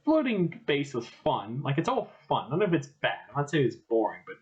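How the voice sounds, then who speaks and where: A man's voice: mid-range voice, huge pitch swings, normal speed. A man co-hosting a podcast, chatting casually about a film and acting out characters in quoted voices. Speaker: podcast co-host. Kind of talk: casual film review chat. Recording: dull lo-fi podcast audio.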